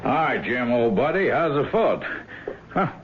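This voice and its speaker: An actor playing a hearty hunting buddy in 1970s radio drama style, with a husky, folksy manner. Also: male voice, mid-range voice, lively intonation, measured pace, very noisy, lightly acted. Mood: jovial. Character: hearty, back-slapping male hunting buddy. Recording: dull old radio recording.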